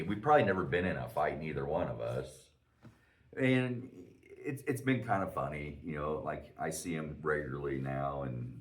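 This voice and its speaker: A man's voice: extremely low pitch, distant mic. A man in his forties, a podcast host, telling a profane, self-mocking story in casual chat.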